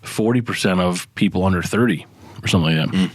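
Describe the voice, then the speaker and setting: A man's voice: low-pitched, quick pace, no room sound. A man co-hosting a podcast in casual chat, with crude, profane, rambling banter. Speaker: podcast co-host. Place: podcast studio.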